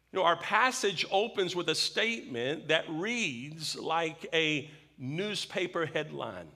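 Slow, bright-voiced man preaching. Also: on the high side, big pitch swings, gravelly. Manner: emphatic, repeats questions for effect, slow deliberate delivery. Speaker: pastor. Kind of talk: evening sermon.

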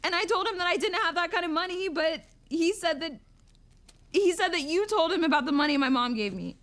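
A woman's voice: very high-pitched, lively intonation. An actress playing a reckless young woman in trouble, blunt and defiant. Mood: upset. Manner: blunt, defiant, speaks fast when pushing. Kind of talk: film drama acting. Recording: film audio with loud music.

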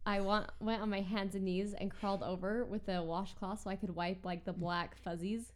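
A woman's voice: mid-range voice, level tone, normal speed. Chatty woman acting out her stories. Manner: chatty storyteller, acts out quotes. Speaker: podcast co-host. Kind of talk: casual chat.

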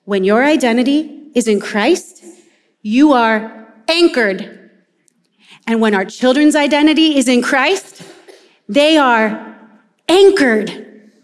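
A woman preaching a sermon, telling stories in an animated way and acting out the quotes. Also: high voice, slow, pauses often. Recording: long reverb of a large hall.

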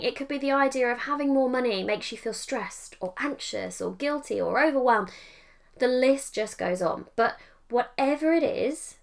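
A woman hosting a solo podcast, chatty and encouraging, who corrects herself mid-sentence and acts out quoted inner voices. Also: high-pitched. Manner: chatty, self-correcting, animated quoted asides. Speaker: podcast host and mindset coach.

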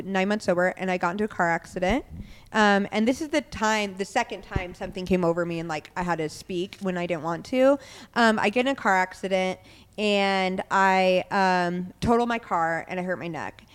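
A young adult woman tells her story on a podcast, candid and unguarded, with plenty of "um"s and "like"s. Her voice is smooth and clear at a middle pitch. It rings out with a long reverb from the room. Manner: candid, quick retelling with many "um" and "like". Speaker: podcast guest. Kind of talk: casual personal storytelling.

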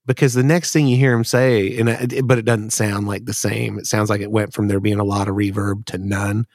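A man's voice: lowish voice, level tone, fairly quick, darkish tone, no echo, clean studio sound. A man co-hosting a podcast, chatting in a laid-back way, calling people dude and man. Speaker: podcast co-host. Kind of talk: casual chat.

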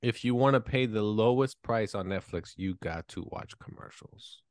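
A man's voice: fairly low pitch, normal speed, no echo, studio quality. Swearing, laughing male podcast host. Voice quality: swears freely, laughs often, teasing. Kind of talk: casual chat.

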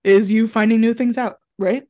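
A woman's voice: on the high side, normal speed. A young woman co-hosting a casual podcast chat, retelling what people said with lots of laughs. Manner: chatty, giggly, acts out quotes in a flat deadpan. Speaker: podcast co-host recapping a reality show.

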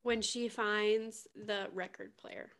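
A woman's voice: mid-range voice, fairly even intonation, takes it slowly, gravelly, a bit bright. A woman co-hosting a casual book podcast, earnestly describing a moment she loved. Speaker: podcast co-host.

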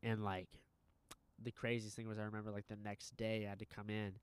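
A man in casual chat, telling a story in an animated, profane way with lots of fillers. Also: fairly low pitch, fairly quick, clean tone, no echo.

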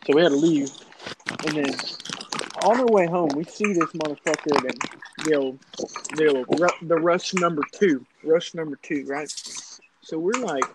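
Young man, slightly high voice, profane rambling anecdote, noisy casual recording. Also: moderate pace, long pauses. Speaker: storyteller. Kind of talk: casual storytelling among friends.

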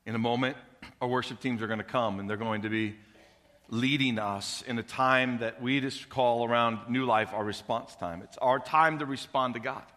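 A man as pastor, calmly closing a sermon and leading the church into response time. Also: mid-range voice, normal speed, in a large hall.

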